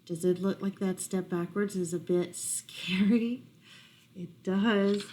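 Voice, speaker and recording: Librarian woman reading picture books to kids, expressive, unhurried. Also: mid-range voice. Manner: expressive, asks children questions about pictures. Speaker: children's librarian. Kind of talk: reading a picture book aloud to children.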